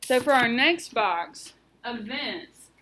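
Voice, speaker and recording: A woman's voice: fairly high pitch, lively intonation, takes it slowly, fairly bright tone. A woman teacher leading a class lesson, asking questions and guiding her students step by step. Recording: roomy, mic at a distance, faint room noise.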